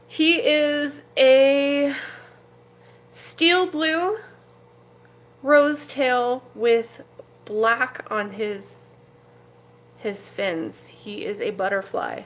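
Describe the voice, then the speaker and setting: A woman with a high voice speaks extremely slowly, pausing often, over a faint hiss or hum. She's a betta fish breeder and channel host running a casual livestream from her home fish room, chatting fondly and cooing at her fish as she carries a handheld camera around.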